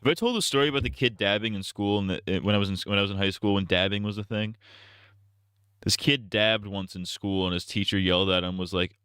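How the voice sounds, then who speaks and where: Young male streamer, low and crisp-bright, rambles and jokes with restarts, close dry earbud sound. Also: fast talker, no echo. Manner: rambling, joking, with stammered restarts. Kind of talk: casual live game stream chat.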